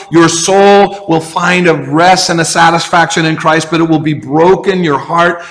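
High-voiced man preaching in a hall. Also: fairly bright tone. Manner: conversational preaching with asides and repeated restarts. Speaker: pastor. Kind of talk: sermon.

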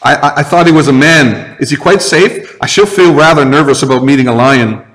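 A man's voice: on the high side, fairly quick, a bit bright, natural voice. A man voicing a nervous young girl from a storybook who stammers, as he reads the scene aloud in a large echoing hall. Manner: hesitant, stammering.

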